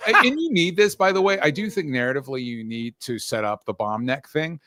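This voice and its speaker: A man co-hosting a casual movie podcast, recapping the plot with wry asides and many quick yeahs. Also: on the high side, sing-song, fairly bright tone, no echo, clean studio sound. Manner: laid-back, lots of fillers and quick yeahs. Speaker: podcast co-host. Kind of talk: casual movie review chat.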